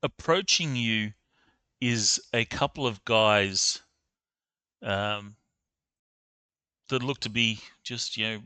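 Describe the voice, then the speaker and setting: A man's voice: lowish voice, takes it slowly, long pauses, pushed and bright, smooth, no room sound. A man narrating a tabletop game as game master, hesitant, with many ums and uhs.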